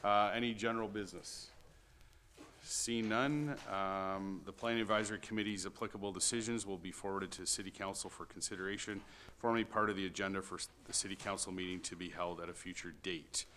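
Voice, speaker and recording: A low-voiced man with a bright, forward tone runs a municipal committee meeting. He reads motions and calls votes in a brisk, procedural way. Faint room noise sits under the voice. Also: fairly even intonation. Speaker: committee chair. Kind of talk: chairing a council meeting.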